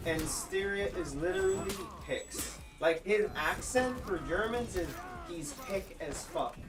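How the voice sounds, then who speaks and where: A high-voiced man hosts a casual, profane chat and laughs easily as he riffs. He sits some way from the mic. Music plays clearly behind him. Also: unhurried, far from the mic. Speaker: host.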